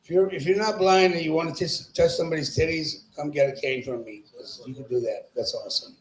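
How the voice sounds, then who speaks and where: Here a man on the high side speaks fast, with slight background noise. He's an open-mic stand-up at a small comedy club, telling crude, profane jokes, teasing the audience and laughing at them himself, in an echoey space.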